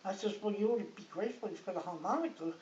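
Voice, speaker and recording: A woman's voice: medium pitch, quick pace, warm tone. An older woman, a grandmother, telling a rambling, chatty story in her living room, often checking in with her listener. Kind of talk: casual storytelling. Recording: hissy, muffled home recording from a distance in an echoey room.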